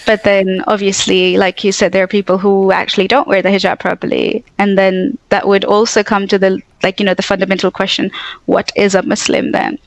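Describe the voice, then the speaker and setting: A woman's voice: medium pitch, little pitch movement, fairly quick, no room sound, low-quality recording. A woman guest in casual conversation, talking animatedly and slipping into quoted asides with "I'm like".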